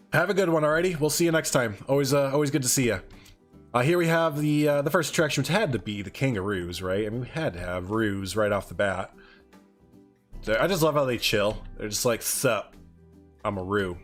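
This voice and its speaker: A man's voice: medium pitch, brisk, soft background music. A man casually streaming a zoo-building game, chatting loosely and answering viewer chat as he goes. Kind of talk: casual live-stream commentary.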